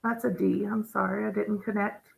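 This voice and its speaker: A woman's voice: mid-range voice, little pitch movement, gravelly, rough recording. A woman teaching a phonics lesson, patient and explaining step by step, checking in with the class often. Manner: slow, patient, checks in with "okay?".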